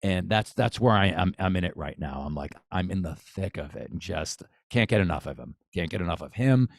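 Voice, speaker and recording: A man's voice: sits low, lively intonation, fairly quick, creaky, no room sound, clean studio sound. A man, a boxing coach talking as a podcast guest, eager and repetitive, restarting his sentences often. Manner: enthusiastic, repeats phrases, many restarts. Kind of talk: casual podcast conversation.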